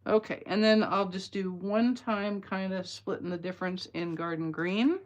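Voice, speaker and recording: A woman's voice: mid-range voice, fairly even intonation, moderate pace. A woman, chatting playfully with viewers while demonstrating card-making live. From Atlanta area, US. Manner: chatty and playful, bantering with viewers mid-demo. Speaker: craft demonstrator.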